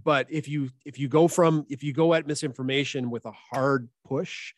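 Man, science podcast host, guest, measured, thoughtful, restarts, dry close sound. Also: mid-range voice, steady tone, dry recording. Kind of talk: casual interview chat.

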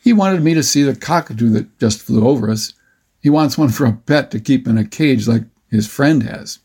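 A man's voice: mid-range voice, normal speed, dark tone, breathy edge, lightly acted. A man voicing a twelve-year-old boy in a storybook reading. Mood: chatty. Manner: urgent calling out.

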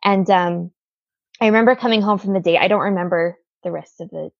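Woman, gravelly voice, dry close sound, earnest personal storytelling. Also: fairly low pitch, a little fast, no room sound, dull audio. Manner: earnest, storytelling, frequent "like" fillers. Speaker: guest.

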